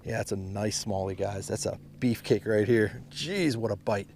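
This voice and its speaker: Excitable fisherman with a gravelly voice. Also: fairly low pitch, moderate pace, slight background noise. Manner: exclaims often, keeps addressing viewers as guys. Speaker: fishing vlogger. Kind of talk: excited on-the-water fishing commentary. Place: outdoors on a boat on a mountain lake.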